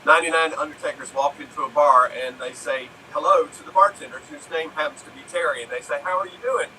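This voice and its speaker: A man riffs through quick improvised bar jokes in a loose storytelling way. His voice is very bright and sharp and a little high. He sounds set back from the mic, with faint noise around him. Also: distant mic, low-quality recording. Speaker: improv player. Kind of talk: telling improvised joke setups.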